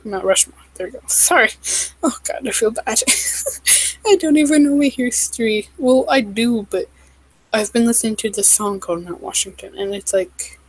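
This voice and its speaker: A woman vlogging in a casual, rambling way, with lots of "like" and "um", quick asides and apologies. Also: on the high side, breathy edge, dry recording, rough recording.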